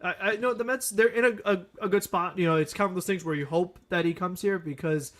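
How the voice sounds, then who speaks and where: Bright high-voiced man, rambling sports chat. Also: a little fast. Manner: earnest, rambling, laughs easily. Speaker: podcast co-host. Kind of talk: casual sports talk.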